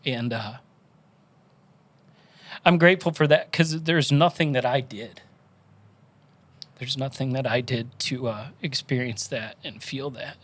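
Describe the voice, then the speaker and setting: A man on a podcast telling his conversion story in an earnest, animated way, moved to tears. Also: mid-range voice, unhurried, pauses often. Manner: earnest, animated storytelling with quoted inner voices. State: tearful, crying. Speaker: podcast guest.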